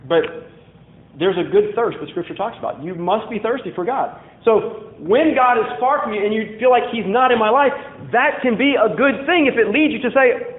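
A man preaching a sermon as pastor, swinging from loud emphasis to hushed, drawn-out words. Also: very high-pitched. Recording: echoey room on a tinny phone-like line.

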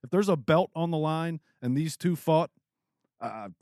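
A man's voice: fairly high pitch, expressive, a little slow, darkish tone, dry recording, studio quality. A man co-hosting a boxing podcast, joking, laughing and swearing in casual banter. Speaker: podcast co-host.

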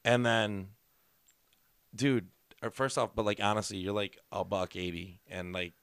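A man, a comedian, telling a story in casual podcast chat, animated and full of swearing. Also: on the low side, a little slow, clear, resonant tone, dry recording, clean studio sound.

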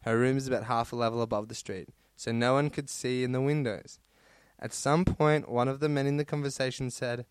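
A man's voice: medium pitch, fairly even intonation, fairly quick, clear, resonant tone, no echo. A man hosting a podcast, reading out listener stories in casual chat, swearing freely and laughing between lines. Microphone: close podcast mic.

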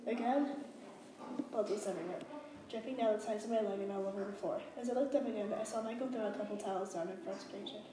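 A woman reading a first-person novel aloud, with halting slips and restarts. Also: mid-range voice, reverberant, far from the mic, background noise. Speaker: reader.

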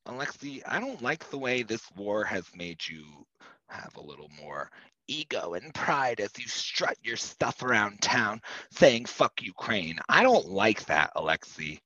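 A man's voice: lowish voice, sing-song, unhurried, bright, forceful tone, no room sound, dull audio, exaggerated voice. A man playing a foul-mouthed spoiled wife. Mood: scornful. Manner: crude, sneering, swears constantly. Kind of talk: comedy sketch acting.

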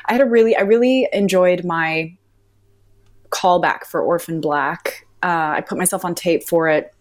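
A woman in her thirties, an actress telling audition stories in an interview, chatty with halting restarts. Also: on the low side. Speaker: actress guest. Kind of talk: casual interview anecdotes.

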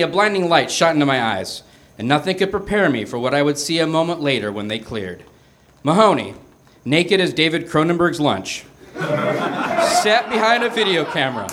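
A man reading a comic story aloud on a small theater stage before a live audience, with an animated delivery. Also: fairly high pitch. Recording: noisy live stage recording.

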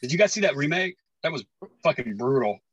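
A man in his forties, a podcast guest, telling animated stories in casual chat, acting out voices and laughing often. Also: medium pitch, fast talker, slightly rough, no echo, highs cut off. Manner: animated storyteller, acts out quotes, laughs often.

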